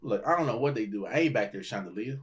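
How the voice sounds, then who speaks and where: A man's voice: fairly low pitch, animated, quick pace, very noisy. A man from Nigeria, a comedian guest, joking and teasing in a casual podcast chat and laughing often.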